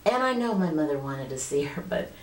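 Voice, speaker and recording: A woman's voice: low-pitched, very animated, brisk, echoey room, slight background noise, rough recording. A woman in her late fifties earnestly telling a personal story to the camera in a conversational way. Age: 50s. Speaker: vlogger.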